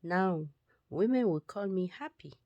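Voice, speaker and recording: A woman's voice: on the low side, animated, unhurried, no room sound, highs cut off. A woman reading the lines of an unloved wife who hopes for her husband's love, in a plain, earnest voice.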